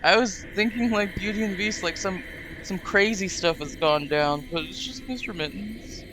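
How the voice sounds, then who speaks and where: A woman's voice: medium pitch, moderate pace, over music. A woman hosting a casual live stream, giggly and effusive. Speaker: streamer host.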